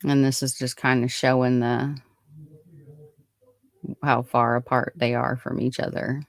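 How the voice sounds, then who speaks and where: A woman's voice: a bass voice, flat delivery, unhurried, no echo. A woman hosting a true-crime podcast, reading her own write-up of a case in a casual way, with chatty asides and frequent fillers. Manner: chatty, many fillers and restarts between read passages.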